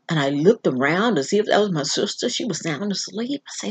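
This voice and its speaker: Woman vlogger, personal story, earnest, halting, husky voice, lowish pitch. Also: lively intonation. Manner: earnest, halting retelling with restarts. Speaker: vlog host.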